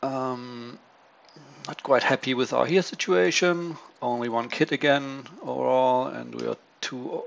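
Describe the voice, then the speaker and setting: A man giving casual, low-key commentary on his turn in a strategy game, thinking aloud with many pauses and ums. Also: vocal fry. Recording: dull lo-fi mic with faint hiss.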